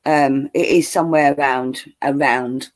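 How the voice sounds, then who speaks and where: A man's voice: mid-range voice, steady tone, measured pace. A man with a southern English accent in casual chat on a stream, jokey and laughing often. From southern England.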